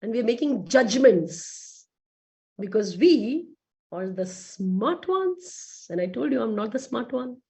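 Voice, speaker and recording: A woman giving a lively motivational talk to a business team, asking rhetorical questions. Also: on the high side, takes it slowly. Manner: lively, acts out quoted voices, rhetorical questions. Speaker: motivational speaker.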